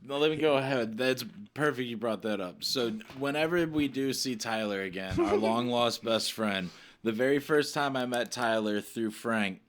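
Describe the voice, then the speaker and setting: A young adult man co-hosting a podcast, chatting casually and telling rambling stories that he laughs loudly at. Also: mid-range voice, moderate pace, hardly any pauses. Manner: rambling storyteller, laughs loudly at his own jokes. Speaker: podcast co-host. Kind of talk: casual chat.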